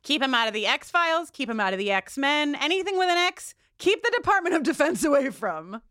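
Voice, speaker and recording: A woman co-hosting a podcast, casually recapping a TV episode in an animated, rambling way with many restarts. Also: high voice, brisk, dry recording, studio quality. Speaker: podcast co-host.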